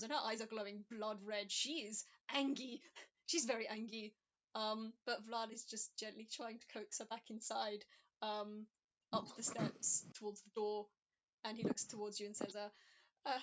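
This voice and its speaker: Woman gm narrating a tabletop game, high bright voice, chatty, lots of ums. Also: steady tone, moderate pace. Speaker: game master.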